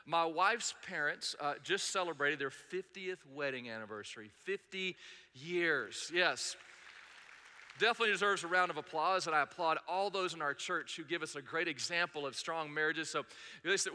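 A middle-aged man preaches with a high, ringing voice. He tells stories earnestly and hammers points home by repeating them. The sound carries a long reverb from a large church sanctuary. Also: normal speed, pushed and bright. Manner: earnest, storytelling, emphatic repetition. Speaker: pastor. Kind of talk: sermon.

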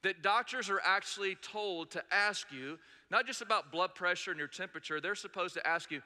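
A middle-aged man preaches with a high, ringing voice. He tells stories earnestly and hammers points home by repeating them. The sound carries a long reverb from a large church sanctuary. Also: a little fast, few pauses, bright, forceful tone. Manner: earnest, storytelling, emphatic repetition. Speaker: pastor. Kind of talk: sermon.

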